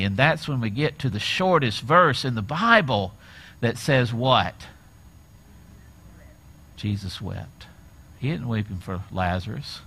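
Male pastor, middle-aged, animated sermon storytelling, crisp forceful tone. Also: medium pitch. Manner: animated storytelling, acts out quoted voices.

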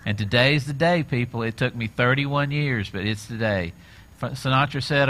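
A middle-aged male pastor preaching a sermon, retelling scenes with lively acted-out quotes. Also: medium pitch, normal speed. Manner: animated storytelling, acts out quoted voices.

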